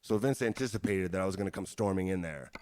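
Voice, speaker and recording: A man's voice: sits low, fast talker, darkish tone, no room sound, clean studio sound. A man telling a story as an interview guest, in a loose, casual way full of "you know" and swearing.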